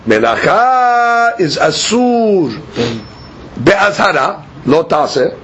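A man's voice: sits high, very animated, slow, a bit bright, a little hiss or hum. A man teaching a study class, explaining step by step and posing and answering his own questions.

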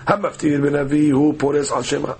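A man's voice: on the high side, level tone, fairly quick, background noise. A man teaching a daily Talmud class, reading the text aloud and translating it phrase by phrase with frequent hesitant fillers.

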